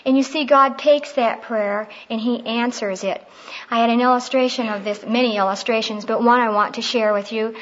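A middle-aged woman speaks in a fairly high voice, teaching on prayer. She tells personal stories in a heartfelt, conversational way. The recording sounds dull and lo-fi. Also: fairly even intonation, normal speed, a bit bright.

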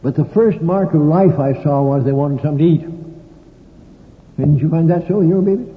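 An older male preacher delivers a sermon in a folksy, story-telling way, with dry humorous asides. His voice sits a little high. The sound is tinny, as on an old recording, with a long echo from a large hall. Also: normal speed.

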